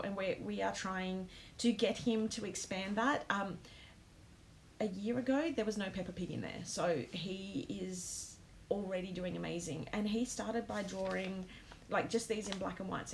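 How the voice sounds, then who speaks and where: A woman's voice: medium pitch, vocal fry, slight background noise, poor audio. A woman hosting a live stream, chatting casually with viewers, full of ums and close to tears. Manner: emotional, many ums, talks to comments. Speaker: host of a planner live stream.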